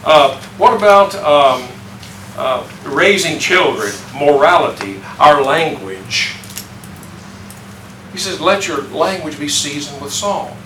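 An older man leads an informal Bible class, folksy and chuckling as he puts questions to the group. His voice is fairly high and a bit bright, with lively intonation and a slow pace. A distant room mic captures him in an echoey classroom or church meeting room, with background noise.

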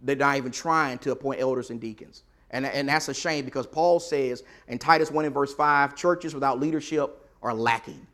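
A man's voice: medium pitch, moderate pace, hardly any pauses, a bit bright. A man preaching to his congregation in a conversational way, reading scripture aloud with emphasis. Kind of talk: sermon. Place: church auditorium.

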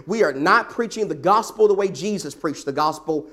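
A man's voice: high voice, lively intonation, moderate pace, fairly bright tone. A man preaching a sermon, emphatic and repetitive, building his points with rhetorical questions.

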